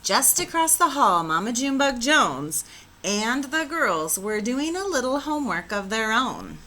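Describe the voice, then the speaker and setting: Woman teacher, picture-book read-aloud, animated, slow, bright. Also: a little high, slight background noise. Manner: expressive, animated storytelling.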